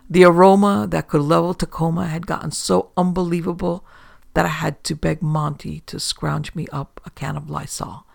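Gravelly, wry male audiobook narrator. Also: fairly high pitch, no room sound. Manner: wry, deadpan. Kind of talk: first-person story narration.

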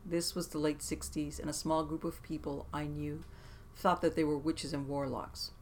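A mid-pitched narrator with a gravelly edge reads true scary stories in a steady, measured way. The delivery sinks to a hushed tone at the eeriest moments. A faint hiss sits under the voice.

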